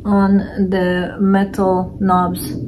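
A woman talks through a handbag unboxing for her vlog at an easy, slow pace, stopping often for fillers as she looks over each bag. Her pitch sits at an ordinary middle, and a faint hiss runs under the voice. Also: monotone. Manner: unhurried, hesitant, many fillers. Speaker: reseller vlogger.

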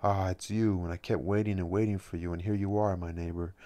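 A restless young poet in a hospital bed, earnest and pleading, as a man reads him aloud. The voice sits deep and fairly level, close to the reader's own, with only a slight lift when he begs. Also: steady tone, brisk, dark tone, close to an everyday voice.

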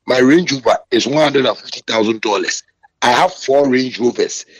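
A man's voice: moderate pace, dry recording, rough recording. A man from Ghana with a Ghanaian English accent, ranting indignantly and bragging as he answers a critic. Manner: indignant, bragging, rising pitch when worked up. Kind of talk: heated boastful rant.

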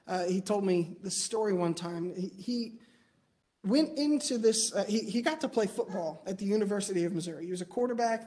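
A man's voice: sits high, darkish tone. A man preaching a sermon in a church, telling stories earnestly with frequent fillers and restarts.

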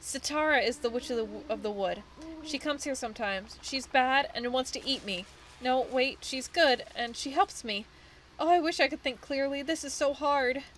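A woman's voice: sits high, a bit bright, slight background noise, voice pushed up, rough recording. A woman voicing a rage-addled female dryad from a video game, swinging between hostility and apology. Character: rage-addled female dryad, tree spirit, erratic and snappish. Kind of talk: reading game dialogue aloud.

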